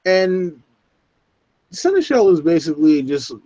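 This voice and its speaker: A man's voice: on the high side, very animated, a little slow, dark tone, no room sound. A man hosting a casual book discussion podcast. He leads the talk loosely and swears freely. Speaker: podcast host. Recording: dull, dry lo-fi podcast audio.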